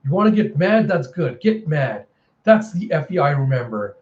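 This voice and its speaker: A man's voice: fairly high pitch, very animated, normal speed, highs cut off. A man voicing a desperate caged father who pleads frantically. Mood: pleading.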